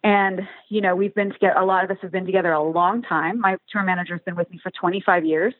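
A woman's voice: fairly low pitch, steady tone, fast, no room sound. Brief: fifty-something woman musician, casual, rambling restarts, thin phone-line sound, dry. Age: 50s. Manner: warm, rambling, with many restarts. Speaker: touring musician guest. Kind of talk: casual interview chat.

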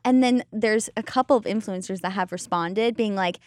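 A woman co-hosting an entertainment news show, chatting casually and recapping stories with quick asides. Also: medium pitch, dry recording. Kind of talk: casual chat.

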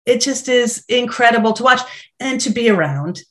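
A middle-aged actress chatting as an interview guest, telling lively stories and acting out what people said. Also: female voice, fairly high pitch, normal speed. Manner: animated storytelling, acts out quotes. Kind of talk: casual interview chat.

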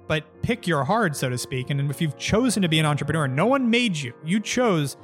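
Casual founder in his thirties, blunt and swearing, slightly raised voice, soft music underneath. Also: on the high side. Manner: blunt, profane, animated storyteller. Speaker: agency founder and guest. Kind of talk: casual interview storytelling.

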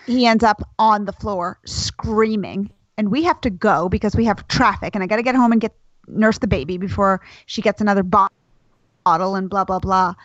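A woman's voice: mid-range voice, moderate pace, no room sound. A chatty woman podcast co-host who hedges with the odd um. Her voice is recorded very dry and a little dull and muffled. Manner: chatty, hedging with ums. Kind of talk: casual chat.

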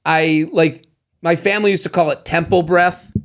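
A man's voice: on the high side, fairly even intonation, normal speed. A man co-hosting a casual dating podcast, playful and joking, slipping into silly bits. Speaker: podcast co-host. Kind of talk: casual chat.

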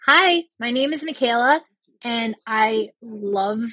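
Listener woman, husky, rambling voice-message question, dry sound. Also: fairly high pitch, slow, bright, forceful tone, no room sound. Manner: gushing, rambling, rephrasing as she goes.

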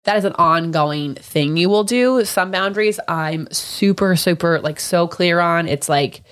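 A woman's voice: lowish voice, unhurried, a bit bright. A woman in her thirties co-hosting a podcast, talking in a frank, upbeat way and swearing casually. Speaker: podcast co-host.

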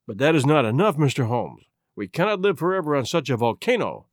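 A stern older prime minister presses his point in a grave, insistent tone, as a man reads him. The voice is somewhat lower than the rest of the reading, and it is recorded dry and close. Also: sing-song, a little fast, dry recording.

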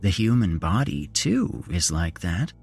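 A man's voice: on the low side, huge pitch swings, slow, gravelly, faint music behind, pitched above the performer's own voice, exaggerated voice. A man voicing a cheerful, creepy grown man who swings from jolly chatter to a hissing whisper. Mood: hissing menace. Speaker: storyteller. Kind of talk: horror story narration.

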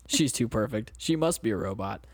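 A man's voice: lowish voice, lively intonation, brisk, darkish tone. A man co-hosting a podcast, reading a story aloud with quips and laughter. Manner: joking, interrupting with quips and laughs. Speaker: podcast co-host. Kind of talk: comedic reading of a story with commentary.

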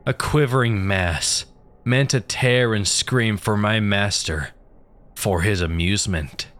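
A booming skeletal demon, as a male narrator puts it on, cruel and hungry for flesh. It growls its words out slowly and low, savoring every threat in a storybook horror tale. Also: a bit bright.

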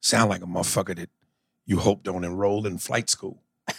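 A man's voice: sits low, fairly even intonation, moderate pace, creaky, a bit bright, husky, no room sound. A man co-hosting a podcast, reading listener emails aloud in a loose, profane, joking way. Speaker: podcast co-host. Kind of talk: casual podcast chat.

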